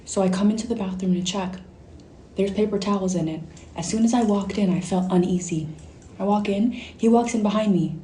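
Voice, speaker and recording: A woman's voice: mid-range voice, a little fast, dark tone, slight background noise. A healthcare worker, a woman, giving a direct, earnest warning in a casual vlog. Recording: echoey room.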